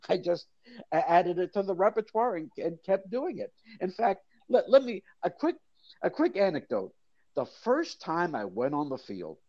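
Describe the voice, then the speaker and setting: An older man telling a lively anecdote in an interview, acting out voices of the crowd. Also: mid-range voice, no room sound, lo-fi sound. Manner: animated storyteller, acts out crowd voices. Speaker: guest, mascot performer. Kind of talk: storytelling interview.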